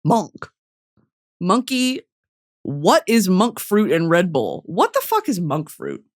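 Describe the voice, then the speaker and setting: A young woman hosting a podcast in a casual comedic monologue, profane and animated, jumping from loud outbursts to low mutters. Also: unhurried. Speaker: podcast host.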